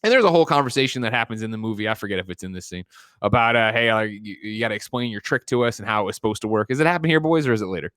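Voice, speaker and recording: A man hosting a podcast, recapping a film in a quick, jokey, swearing way with silly voices. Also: fairly low pitch, fairly bright tone, smooth, no room sound, clean studio sound. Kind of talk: casual podcast chat.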